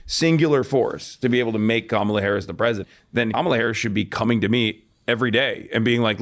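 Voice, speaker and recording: A man's voice: medium pitch, fast. A man talking politics on a stream in an argumentative, lecturing way. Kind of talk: casual political talk.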